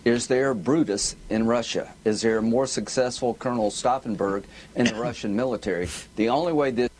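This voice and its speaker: A male politician speaking forcefully in an interview, stacking rhetorical questions. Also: medium pitch, brisk, a little hiss or hum.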